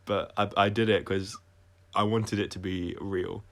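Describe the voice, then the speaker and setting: Soft-spoken man with a lowish voice. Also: flat delivery, gravelly. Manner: reflective, halting, with frequent restarts. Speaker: singer-songwriter explaining his songs. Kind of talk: casual livestream commentary.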